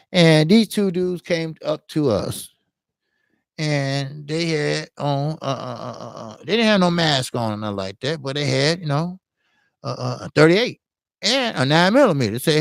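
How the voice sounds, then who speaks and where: Recorded dry in clean studio sound, a medium-pitched man from Chicago, USA, wanders through a casual street story. He's a boxing channel host, and he peppers his talk with "you know" and profanity.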